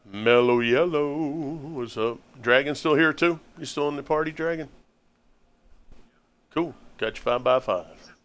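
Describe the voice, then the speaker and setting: A man's voice: mid-range voice, unhurried. Casual, laughing American man streaming live. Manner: relaxed, chatty, laughs often, talks to stream chat. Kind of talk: casual chat while gaming.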